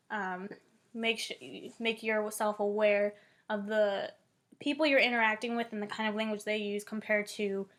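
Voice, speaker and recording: A woman's voice: a little high, fairly bright tone. Chatty young woman explaining a theory. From Northeast Ohio, US. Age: 20s. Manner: chatty, many "like" and "um" fillers. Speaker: college student presenting. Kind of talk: casual explanatory talk.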